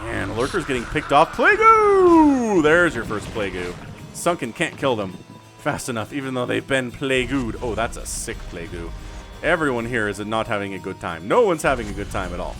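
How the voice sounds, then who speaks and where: A man doing solo play-by-play commentary on a strategy game, excitable and talking straight to viewers and players. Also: on the low side, fairly quick. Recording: music bed playing under the voice.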